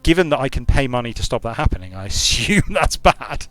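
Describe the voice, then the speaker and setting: Very animated and brisk, his mid-range voice has a fairly bright tone on a dry recording with soft background music. The young game designer is streaming a strategy game from a hot room at home, casually rambling, thinking aloud and interrupting himself.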